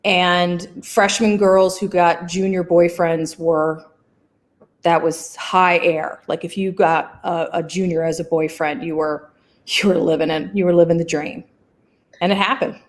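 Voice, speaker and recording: A woman author being interviewed over a video call, telling stories about her school days with quick laughs and self-deprecating asides. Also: on the low side, flat delivery. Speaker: guest author. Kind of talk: casual video chat interview.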